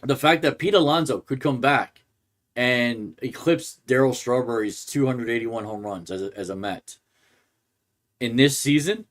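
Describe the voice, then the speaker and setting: A man hosting a sports podcast, ranting in a rambling way and restarting his sentences often. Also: medium pitch. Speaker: podcast host. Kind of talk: casual sports rant.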